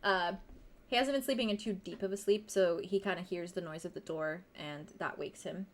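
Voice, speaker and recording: A woman's voice: fairly low pitch, normal speed. A woman narrating a tabletop game as game master, casual and chatty, with lots of fillers and frequent laughter.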